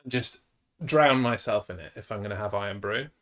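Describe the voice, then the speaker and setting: A man's voice: lowish voice, moderate pace, fairly bright tone. Crude joking man. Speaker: stream co-host. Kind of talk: casual chat.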